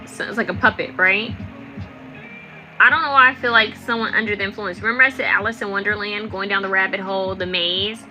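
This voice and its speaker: A woman's voice: mid-range voice, poor audio. A young adult woman giving a chatty, rambling live tarot reading with lots of fillers. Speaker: tarot reader.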